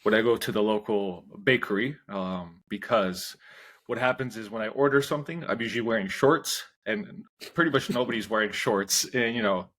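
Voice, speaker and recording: A man's voice: lowish voice, normal speed, a bit bright. An American man hosting a casual interview, telling jokey anecdotes in an upbeat way. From United States. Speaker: host.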